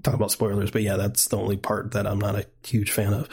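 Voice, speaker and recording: A husky-voiced man in casual podcast conversation. He laughs a lot and slips into sarcastic jokes. His speech is loose and animated. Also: fairly low pitch, fast. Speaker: podcast co-host. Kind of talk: casual chat.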